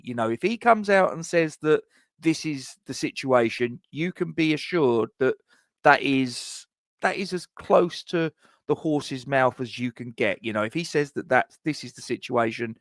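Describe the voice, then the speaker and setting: A man's voice: medium pitch, measured pace, no echo. Chatty man, fan stream host. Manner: chatty, rambling, many restarts and asides. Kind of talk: casual live-stream commentary.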